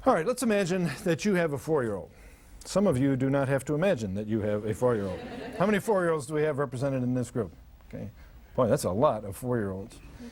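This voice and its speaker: An older man presents a parenting seminar to a live audience at an ordinary pitch. He speaks with dry humor and tells lively stories, acting out what frazzled parents and misbehaving kids say. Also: quick pace, slight background noise.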